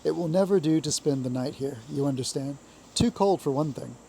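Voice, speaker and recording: A man's voice: a little high, brisk, gravelly, dark tone, slight background noise, rough recording. A man voicing a good-natured, brave male water rat in a storybook reading, talking in a soothing, cheerful way. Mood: brisk.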